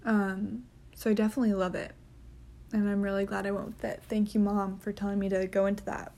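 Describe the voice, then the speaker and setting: A woman's voice: medium pitch, flat delivery, brisk, dark tone. A young woman hosting her own podcast, talking in a chatty, earnest way, with frequent ums and gushing asides. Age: young adult. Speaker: podcast host. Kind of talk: casual solo podcast chat.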